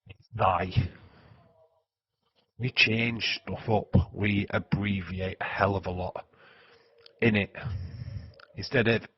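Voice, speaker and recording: Slow, husky Yorkshire man. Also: lowish voice, steady tone, dry recording, lo-fi sound. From Yorkshire, England. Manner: joking, swearing, chatting to viewers. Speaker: wrestling stream host. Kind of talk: casual livestream chat.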